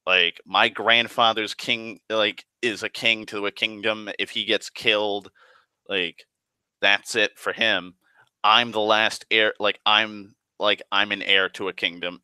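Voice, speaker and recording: A man's voice: fairly low pitch, pushed and bright, clean tone, no echo. A man retelling a tabletop game session in a rambling, profane way, full of fillers and restarts. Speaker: storyteller.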